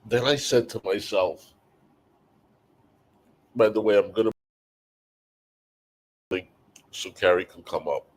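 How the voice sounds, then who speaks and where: A man's voice: on the low side, takes it slowly, pauses often. A man hosting a livestream in casual chat, rambling and emotional, swearing freely. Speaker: livestream host.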